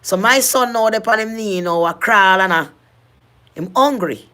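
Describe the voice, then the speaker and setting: A middle-aged woman with a strong Jamaican accent recounts her own past in a personal vlog. She speaks at an ordinary middle pitch in earnest, heavy patois. She circles back and restarts phrases as she goes. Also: moderate pace, pushed and bright. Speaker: vlogger telling her life story. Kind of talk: personal storytelling.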